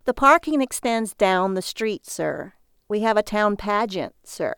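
Brief: snooty male desk clerk, high-pitched, slow and clipped, read by a woman narrator. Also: animated, a bit bright, clean tone, no echo, studio quality. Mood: curt. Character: prim, rude male hotel clerk.

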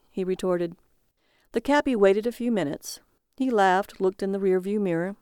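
A woman reading a story aloud in a steady, measured narration. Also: mid-range voice, smooth, no room sound, clean studio sound.

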